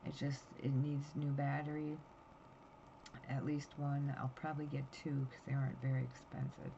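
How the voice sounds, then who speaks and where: Tired woman in her fifties, gravelly. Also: rumbling low, flat delivery, normal speed, warm tone. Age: 50s. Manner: rambling, anxious storytelling. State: tired, yawning. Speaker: vlogger. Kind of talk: casual chat to camera. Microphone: phone camera. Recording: dull lo-fi sound with faint noise.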